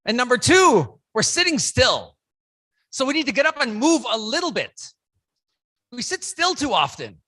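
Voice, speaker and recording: Animated keynote speaker hyping up a conference crowd, bright voice, big shouts, counts everyone in. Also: medium pitch, moderate pace. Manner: energetic, leads the crowd in call-and-response and counts; breaks into loud shouts to rouse the audience. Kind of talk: motivational speech with audience participation. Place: conference room with a live audience.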